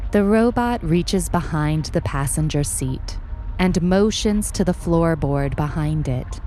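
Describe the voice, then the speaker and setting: A woman narrating a short story in an unhurried, even storytelling manner. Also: low-pitched, faint music behind. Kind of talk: audiobook reading.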